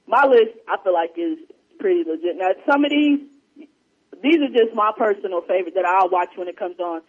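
High-voiced husky man chatting animatedly. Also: brisk, phone-quality sound. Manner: animated, quoting movie lines in put-on voices. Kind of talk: casual chat.

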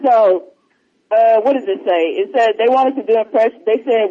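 A man's voice: very high-pitched, expressive, moderate pace. A man co-hosting a podcast in casual, rambling chat, retelling movie scenes between laughs. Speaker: podcast co-host. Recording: muffled lo-fi recording.

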